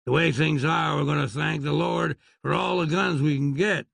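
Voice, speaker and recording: Narrator as a curt sheriff, drawling, gravelly, husky. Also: male voice, a little high, fairly even intonation, moderate pace, fairly bright tone, no room sound, heavily acted. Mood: grim. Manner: clipped, dry, commanding. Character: laconic, stern Wild West sheriff.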